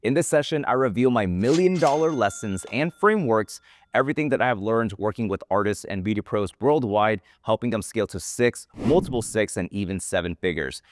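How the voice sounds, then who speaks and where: Brief: male presenter voice-over, upbeat and promotional, lowish voice, dry close recording. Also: lively intonation, brisk, dry recording. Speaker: presenter introducing his own talk. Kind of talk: scripted voice-over intro.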